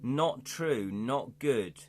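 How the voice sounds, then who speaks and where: A man voicing a simple-minded, friendly male hobgoblin who speaks in broken, halting sentences. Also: medium pitch, animated, darkish tone, soft background music. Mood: earnest. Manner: broken pidgin grammar, slow halting delivery.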